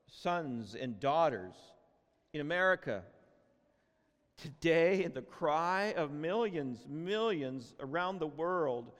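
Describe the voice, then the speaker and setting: A man preaching a sermon with emotion, often repeating and restarting words, shifting between loud cries and hushed tones. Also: a little high. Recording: long hall reverb.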